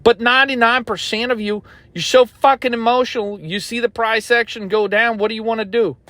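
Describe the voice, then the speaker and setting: A man's voice: very high voice, fairly even intonation, brisk, bright, forceful tone, dry recording. A man working as a trading coach, lecturing aggressively in a profane motivational rant.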